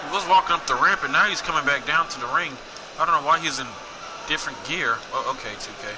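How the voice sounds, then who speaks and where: Rambling young gamer commentator, slightly high voice, noisy recording. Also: male voice, quick pace. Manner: rambling, joking, self-mocking. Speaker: gameplay commentator. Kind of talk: casual gameplay commentary.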